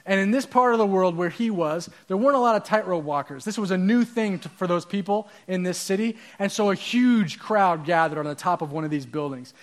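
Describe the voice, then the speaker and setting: A pastor with a fairly high voice gives a conversational sermon. He talks to the congregation with props and quick asides.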